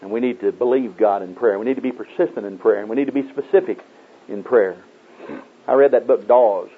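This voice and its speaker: A man's voice: brisk, a little hiss or hum. A man preaching a sermon in a folksy storytelling way, acting out the people in his stories. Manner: folksy storytelling, acting out voices in raised pitch. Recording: tinny phone-like old tape.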